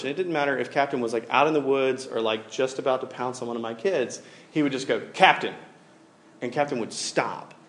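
A man in his forties preaching a sermon in a casual, animated way, with lots of fillers as he tells stories. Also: mid-range voice. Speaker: pastor. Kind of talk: conversational sermon.

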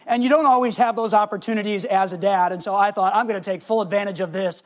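A middle-aged man preaching a sermon, telling a family story and slowing down to stress key words. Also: sits high. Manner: storytelling, varies pace for emphasis. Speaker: pastor.

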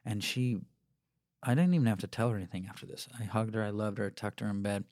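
Earnest man with a low, dry voice. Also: fairly even intonation, fast talker, a little mellow, dry recording. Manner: earnest, reflective, tells stories with quoted dialogue. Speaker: podcast co-host, parent. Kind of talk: casual conversational storytelling.

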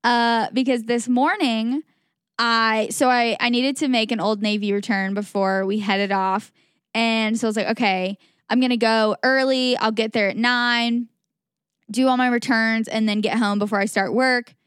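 A woman's voice: fairly high pitch, fairly even intonation, normal speed, clear, resonant tone, no echo, studio quality. A woman co-hosting a podcast, chatting casually and telling stories, acting out her own thoughts as she goes. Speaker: podcast co-host. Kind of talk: casual chat, storytelling.

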